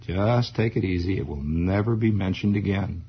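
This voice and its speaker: A man doing a low, coaxing stern father. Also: slight background noise. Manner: low, slow, soothing but pressing. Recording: dull lo-fi recording.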